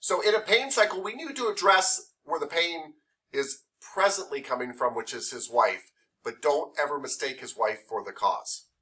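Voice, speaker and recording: A man's voice: a little high, lively intonation, normal speed, bright, forceful tone, distant mic. A man teaching a massage therapy class, lecturing conversationally and explaining ideas through playful made-up examples.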